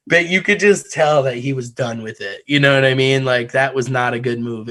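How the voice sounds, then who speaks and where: A man from Connecticut hosting a podcast, telling a wild story in a casual, profane way, laughing as he goes. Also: medium pitch. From Connecticut, USA. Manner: profane, animated, laughs through his story. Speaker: podcast host.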